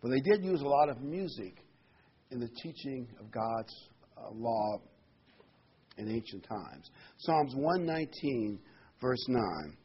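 A man's voice: medium pitch, big pitch swings, takes it slowly, pauses often. Man preaching a conversational sermon. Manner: conversational preaching with fillers and rhetorical questions. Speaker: pastor. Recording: slightly dull recording with faint noise.

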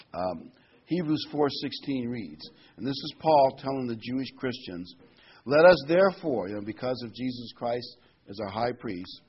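A man preaching a sermon in a plain, conversational way, reading scripture and pausing often with fillers. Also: mid-range voice, husky, dull audio.

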